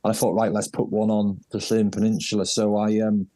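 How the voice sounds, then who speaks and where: Man, podcast guest, jokey animated storyteller, dry close sound. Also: on the low side, brisk, no echo. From North Wales. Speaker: podcast guest, race director. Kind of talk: casual interview storytelling.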